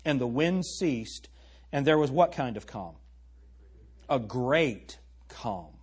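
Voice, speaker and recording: Pastor, middle-aged man, husky and lively, emphatic sermon with questions to the congregation. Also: mid-range voice, slow pace.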